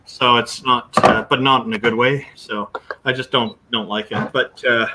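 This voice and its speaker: A man's voice: medium pitch, steady tone, normal speed, very noisy. A man in casual chat, explaining his views earnestly and at length.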